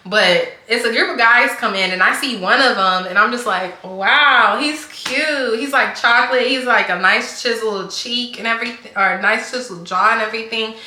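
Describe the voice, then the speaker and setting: A woman's voice: fairly high pitch, fairly quick, hardly any pauses, sharp tone. A young woman telling a casual storytime, chatty and full of "like" and restarts. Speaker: vlogger. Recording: echoey room.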